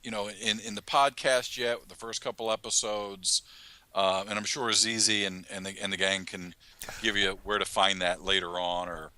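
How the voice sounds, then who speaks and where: Bright-voiced, self-mocking man, halting chat. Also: on the low side, fairly even intonation, no room sound. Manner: halting, self-mocking, laughs often mid-sentence. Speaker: writer and creator of an audio drama, podcast guest. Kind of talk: casual podcast chat.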